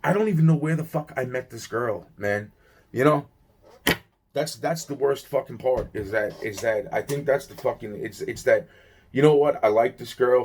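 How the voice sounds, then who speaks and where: A young man with a medium-pitched, husky, darkish voice speaks at normal speed. He tells a personal story in an agitated, rambling manner, heavy on swearing, fillers and restarts.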